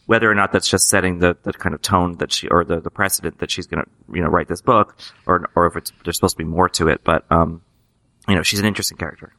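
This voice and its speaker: A man with a very deep voice and a bright, forward tone talks fast as a podcast co-host. He works through his thoughts in loose, searching phrases. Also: steady tone. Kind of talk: casual TV recap discussion.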